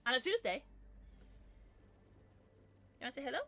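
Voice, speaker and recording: A woman's voice: high-pitched, big pitch swings, moderate pace. A young woman live-streaming, chatting casually and giggling with her viewers. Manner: jumps between soft mumbles and loud squeals. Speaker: livestreamer.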